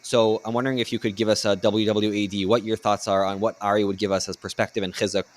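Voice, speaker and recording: A man hosting a podcast, asking earnest, measured interview questions. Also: fairly low pitch, level tone, background noise. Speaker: podcast host.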